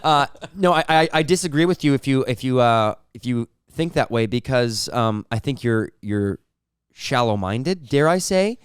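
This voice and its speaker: A man's voice: medium pitch, lively intonation, moderate pace, clean tone, dry recording, studio quality. A man co-hosting a podcast, arguing a playful mock debate in a mock-serious tone, stumbling over repeated words and laughing at his own jokes. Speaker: podcast co-host.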